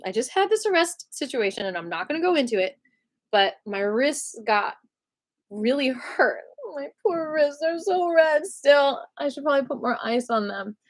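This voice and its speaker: A fairly high-voiced woman talking to her viewers in a storytime vlog. She rambles with plenty of fillers and breaks into laughter between words. Her talk is loose, animated and conversational. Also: normal speed. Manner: animated retelling with many fillers. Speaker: vlogger.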